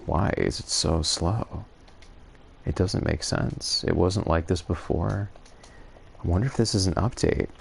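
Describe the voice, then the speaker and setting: Male gaming streamer, very low voice, self-amused musing commentary. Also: a little slow, creaky, slight background noise. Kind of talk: casual gameplay commentary.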